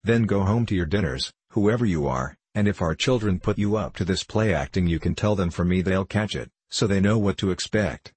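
A scornful, fussy nursemaid from a storybook who bosses strangers off the doorstep, as a man reading aloud puts her on. The voice is low and husky, close and dry. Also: expressive, a little fast, few pauses, a little mellow, dry recording. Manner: scornful, bossy.

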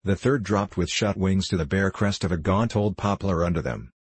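A man narrating a novel aloud in a measured, unhurried storytelling manner. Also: low-pitched, husky, dry recording. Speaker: audiobook narrator.

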